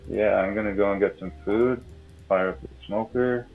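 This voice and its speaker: An easygoing Canadian man with a Canadian accent chats and laughs freely. His very deep voice has a gravelly edge, and it comes through thin and tinny like a phone line. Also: moderate pace, faint music behind. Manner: easygoing, relaxed, laughs a lot. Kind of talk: casual chat.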